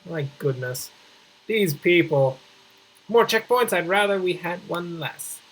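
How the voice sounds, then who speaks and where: A man hosting a casual gameplay video, reading game text aloud between jokey asides and sudden excited outbursts. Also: high voice, measured pace, rough recording. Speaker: gaming video host.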